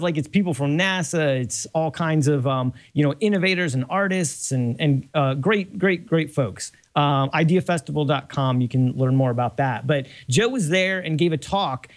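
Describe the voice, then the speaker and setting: A man's voice: fairly high pitch, moderate pace, few pauses. A man talking as a guest on a tech panel show, recommending a book eagerly with many fillers. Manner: eager, lots of fillers and restarts. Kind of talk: casual chat on a panel show.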